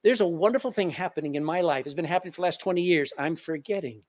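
A man in his sixties, a pastor preaching a sermon and leading a closing prayer, asking the congregation questions and swinging between loud and hushed delivery. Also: on the high side, fast.

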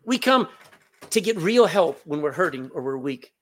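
A man's voice: a little high, big pitch swings, moderate pace. A man with a Texan accent preaching a sermon as pastor of his church, emphatic and repeating words, calling out to the congregation. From Texas. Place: church sanctuary.

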